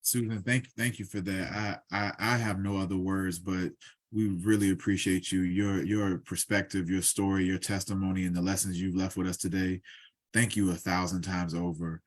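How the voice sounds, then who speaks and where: A male co-host of an interview show who speaks haltingly and repeats words as he thanks his guest. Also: low voice, little pitch movement. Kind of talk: casual interview chat.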